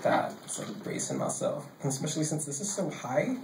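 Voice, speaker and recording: A man reading his own poems live on a stage mic, casual and joking between pieces and measured while reading. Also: on the high side, expressive, noisy background. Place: basement bar venue, live. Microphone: handheld stage mic. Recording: echoey basement room.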